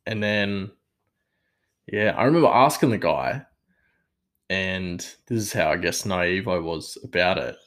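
A young man talks casually about video games in a somewhat low voice. He rambles and drifts off topic, pokes fun at himself, and keeps the tone easy and conversational. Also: expressive, unhurried, long pauses, a bit bright. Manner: rambling, digressive, self-deprecating. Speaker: gaming vlogger. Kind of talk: casual chat.

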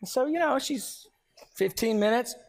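A man preaching a sermon, emphatic and animated as he tells a personal story. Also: very high voice, moderate pace, noisy background. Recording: long hall reverb.

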